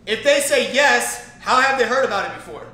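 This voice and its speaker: A man's voice: very high voice, animated, moderate pace, pushed and bright. A man giving a casual, rambling training talk on network marketing, emphatic and repetitive with many fillers and restarts. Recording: roomy echo.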